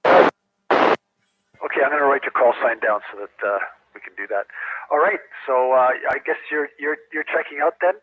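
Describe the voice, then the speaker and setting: A man's voice: mid-range voice, normal speed, a little hiss or hum. An older retired man checking in on an amateur radio net, friendly and talkative, with stumbling fillers. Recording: tinny dry radio line.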